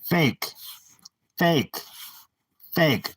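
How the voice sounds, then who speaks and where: On a roughly recorded livestream, a man with a mid-range, fairly bright voice and some vocal fry rants angrily into his handheld phone. He's animated yet keeps a measured pace, pausing often, agitated and repeating himself, with no room sound.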